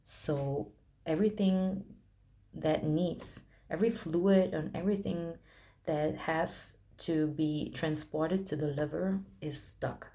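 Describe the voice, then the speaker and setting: A young woman telling her own hospital story in a personal vlog, emotional and halting, with many restarts. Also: deep voice, warm tone.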